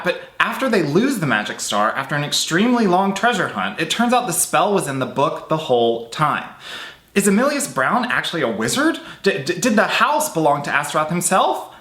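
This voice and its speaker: A man's voice: a little high, bright, forceful tone, echoey room. A man co-hosting a film review show, critiquing in a sardonic way. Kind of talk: scripted review commentary.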